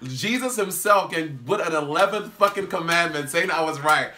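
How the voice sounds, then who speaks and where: Male co-host, sassy, very bright, lively pitch, faint background noise. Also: moderate pace, roomy sound. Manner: sassy, emphatic, swears, laughs often. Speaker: podcast co-host. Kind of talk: casual chat.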